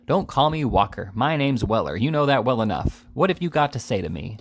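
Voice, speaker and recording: A man's voice: medium pitch, big pitch swings, fairly quick, gravelly. A man voicing a blunt, threatening manservant in dialect, reading a classic novel aloud. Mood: gruff. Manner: dialect speech, dropped sounds.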